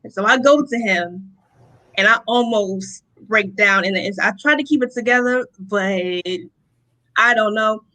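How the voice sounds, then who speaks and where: Bright-voiced young woman telling a story. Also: medium pitch, unhurried, poor audio. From Rochester, New York. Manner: animated storytelling, acts out quotes, laughs often. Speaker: interview guest. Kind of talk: personal testimony in conversation.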